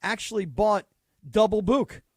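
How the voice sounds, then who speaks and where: A man's voice: high-pitched, animated, unhurried, darkish tone, no room sound, studio quality. A man co-hosting a sports radio show, bantering in a playful, joking way. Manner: playful, jokey. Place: radio studio.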